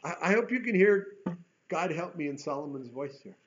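A man's voice: on the high side, lively intonation, normal speed. An earnest male preacher delivering a sermon, his slightly raised voice climbing into emphatic bursts and circling back over the same words. The recording is dull and lo-fi. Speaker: pastor.

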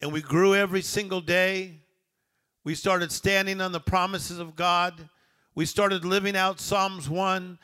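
Middle-aged male preacher, bright forceful tone, builds to emphatic peaks. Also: high voice, measured pace, smooth. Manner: preaching with rising emphatic swells. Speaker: pastor. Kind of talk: sermon.

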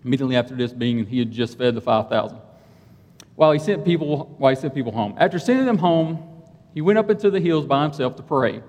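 A man's voice: medium pitch, expressive, fast talker, darkish tone. A man preaching a casual, conversational sermon, telling stories about himself with a self-deprecating humor. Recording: reverberant hall.

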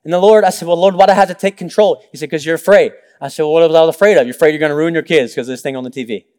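Racing through his sermon, a young male pastor with a noticeably high, darkish-toned voice mixes personal stories, acted-out quotes and joking asides. The sound echoes with the long reverb of a large church hall.

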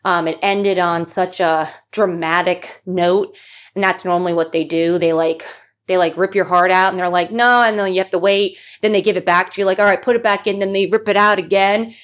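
A woman's voice: fairly low pitch, level tone, moderate pace. A young woman hosting a solo podcast, chatting casually and gushing, with lots of fillers and asides. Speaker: podcast host.

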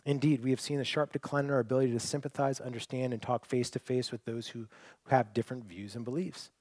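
A man preaching a sermon, earnest and conversational, rising to loud emphasis and dropping to near-quiet. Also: mid-range voice, steady tone, fast talker, no echo. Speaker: pastor.

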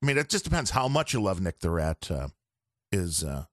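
Rambling bright-toned man. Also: low-pitched, big pitch swings, brisk, dry recording, clean studio sound. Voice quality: rambling, explaining audio gear at length. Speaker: podcast guest. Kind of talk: casual podcast chat.

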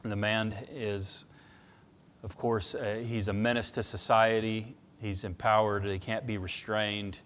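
A man's voice: on the low side, little pitch movement, unhurried, fairly bright tone. A man preaching a sermon, telling stories conversationally and pressing points with emphasis. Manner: conversational storytelling with emphatic passages. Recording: long reverb of a large hall.

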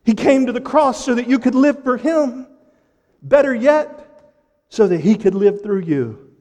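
High-voiced preacher in a reverberant hall. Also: male voice, animated. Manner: impassioned preaching with dramatic pauses and sudden drops to a hush. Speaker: pastor. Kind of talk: sermon.

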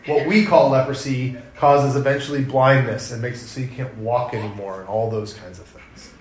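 A man in his thirties preaching a sermon, conversational and animated when telling stories. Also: medium pitch, slight background noise. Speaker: pastor. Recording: echoey room.

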